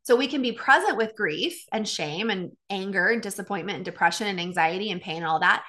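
A woman's voice: medium pitch, fairly quick. A woman coach talking casually and candidly, retelling a conversation with a friend and quoting both sides. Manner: candid, animated retelling with quoted dialogue. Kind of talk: casual solo talk.

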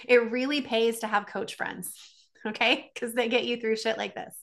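A woman's voice: fairly high pitch, normal speed. A woman coach talking casually and candidly, retelling a conversation with a friend and quoting both sides. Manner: candid, animated retelling with quoted dialogue. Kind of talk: casual solo talk.

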